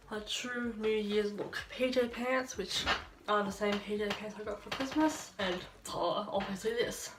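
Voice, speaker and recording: A woman's voice: fairly high pitch, background noise. A young Australian woman, a bit tipsy, rambling and chatting to herself while doing her makeup at home. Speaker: beauty vlogger. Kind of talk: get-ready-with-me chat. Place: bedroom at home under a ring light. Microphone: phone camera. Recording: roomy sound, phone held off at a distance.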